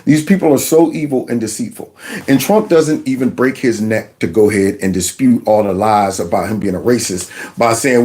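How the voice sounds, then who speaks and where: A man's voice: fairly low pitch, moderate pace, darkish tone. A man hosting a casual political commentary show, talking with sarcastic, mocking asides. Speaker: commentary channel host.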